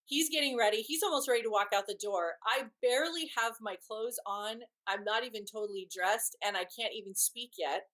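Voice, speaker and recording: A middle-aged woman, a podcast guest, telling a personal story in an earnest, halting way with many restarts. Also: on the high side, fairly bright tone, rough recording.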